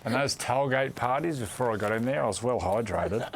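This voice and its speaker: A man's voice: mid-range voice, animated, brisk, a little hiss or hum. A middle-aged Australian man, a former rugby league player, telling cheeky anecdotes in a laconic, laughing way. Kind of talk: casual storytelling chat.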